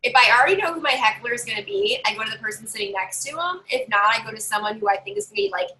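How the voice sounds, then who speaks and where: Animated woman sales consultant, bright voice, a bit high, chatty trainer who acts out customer lines. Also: rapid-fire, a little hiss or hum, rough recording. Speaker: home party sales consultant. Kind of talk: casual training talk to fellow sellers.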